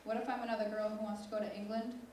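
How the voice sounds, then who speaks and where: A teen girl, a student poet, gives a slow, deliberate, intense spoken word reading in a hall, her medium-pitched voice flat and darkish. The recording is echoey and distant, with slight background noise.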